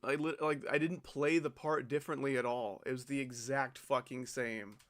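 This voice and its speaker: Frustrated during live gameplay, a man streaming a game picks apart where his attempt went wrong, cursing in disbelieving outbursts. He speaks at normal speed in a mid-range, slightly bright voice with fairly even intonation.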